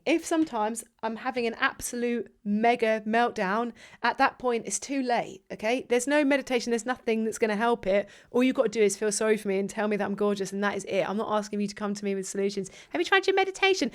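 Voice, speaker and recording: A woman hosting a podcast, chatting casually, jokey and quick to swear. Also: a little high, steady tone. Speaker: podcast host, editor. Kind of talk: casual chat.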